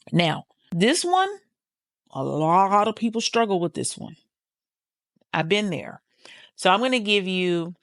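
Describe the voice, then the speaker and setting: A woman's voice: fairly low pitch, no room sound, clean studio sound. A woman hosting a podcast on healing, talking casually and candidly straight to the listener and swearing freely. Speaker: podcast host, healing coach. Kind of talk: casual motivational talk.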